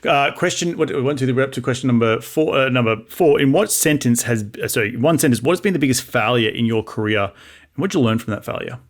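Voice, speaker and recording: Quick-talking Australian man hosting. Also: medium pitch. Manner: fast, upbeat questioner, frequent restarts. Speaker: podcast host. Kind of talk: interview podcast.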